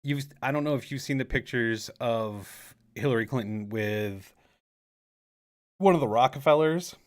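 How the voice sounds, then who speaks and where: A man's voice: medium pitch, a little slow. Casting: American male podcast co-host, rambling and jokey, mid-range voice. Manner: chatty, rambling, jokey asides. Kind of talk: casual conspiracy chat.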